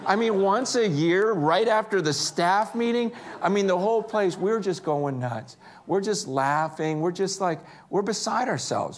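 A man preaching a sermon, telling stories with energy and swinging between hushed and excited moments. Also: high-pitched, measured pace, hardly any pauses. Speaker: pastor.

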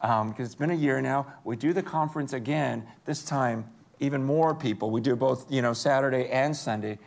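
A man preaching a sermon, telling stories with energy and swinging between hushed and excited moments. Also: mid-range voice, moderate pace, creaky. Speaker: pastor.

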